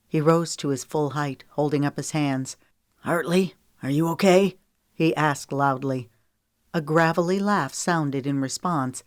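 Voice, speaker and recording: A woman narrating a suspense novel in measured, dramatic audiobook style. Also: deep voice, dry recording, studio quality.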